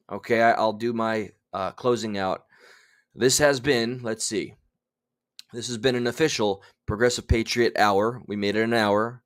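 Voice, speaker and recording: A man hosting a casual livestream, chatting loosely and reading out viewer names. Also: mid-range voice. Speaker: livestream host.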